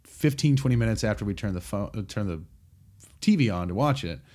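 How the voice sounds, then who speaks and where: Man, 30s, podcast guest; low-ish voice, animated storyteller acting out quotes. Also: fairly quick. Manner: animated, acts out quotes with restarts. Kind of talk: casual storytelling chat.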